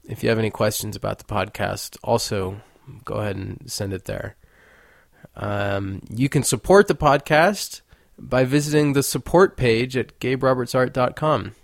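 A man's voice: medium pitch, moderate pace, gravelly, dry recording, studio quality. A young man hosting his own podcast, talking in a playful, rambling, joking way. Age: young adult. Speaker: podcast host. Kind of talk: casual monologue.

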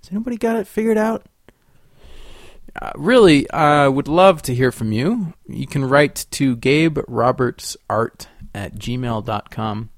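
A young man from Sacramento hosting a solo podcast, rambling and profane, swinging between quiet musing and loud ranting. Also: medium pitch, animated, measured pace, dry recording, studio quality. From Sacramento, California. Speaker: podcast host.

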